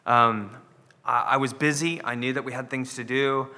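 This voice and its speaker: A man's voice: mid-range voice, steady tone, moderate pace, pushed and bright, big-room sound. A man preaching an earnest sermon as pastor, often repeating words as he builds a point. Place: church sanctuary.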